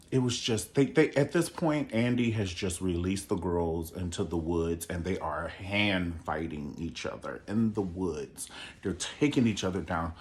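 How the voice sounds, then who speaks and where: A man giving a sassy, theatrical solo recap of a reality show, acting out quotes with big jumps in his voice. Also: deep voice. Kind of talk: animated solo commentary.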